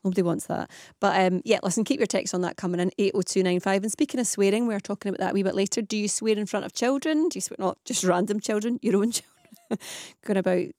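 A woman's voice: mid-range voice, fast, a little mellow, dry recording. A Scottish woman presenting a radio phone-in, chatty and reading out listener messages in a studio. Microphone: studio microphone.

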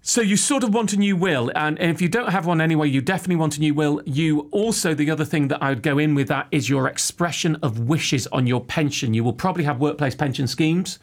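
A man's voice: a little high, fast, hardly any pauses. A man hosting a podcast, answering a listener's money question in a chatty, joking way. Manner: chatty, jokey, explains at length. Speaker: podcast host. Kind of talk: casual podcast Q&A.

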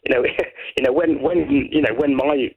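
A caller from Brighton, England, phones in to a radio show for a lively, casual chat that rambles with many restarts. He has a mid-range voice with vocal fry and talks at a moderate pace. It's recorded over a muffled telephone line.

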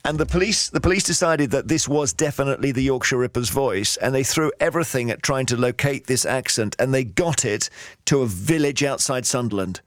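A man hosting a radio chat show, lively and quick to interject with questions. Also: medium pitch, no room sound, studio quality. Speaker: radio presenter.

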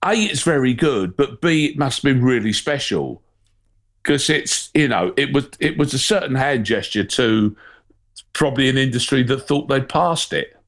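A man's voice: medium pitch, lively intonation, normal speed, fairly bright tone. A man co-presenting a radio show in casual chat, rambling with frequent restarts.

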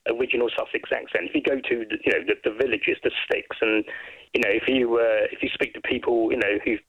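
Gravelly man on a dull phone line. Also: mid-range voice, fairly even intonation, fast, no room sound. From Brighton, England. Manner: rambling, chatty storyteller. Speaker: guest. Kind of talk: casual chat.

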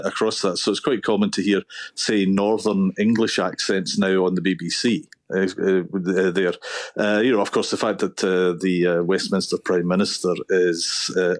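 A man with a Paisley Scottish accent, a linguistics professor speaking in a radio interview in a measured way, with frequent "uh" fillers. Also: on the low side, no room sound. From Scotland.

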